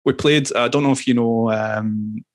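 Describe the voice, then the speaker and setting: A man, a musician as podcast guest, telling animated stories with swearing and laughs. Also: medium pitch, moderate pace, no echo. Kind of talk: casual storytelling interview.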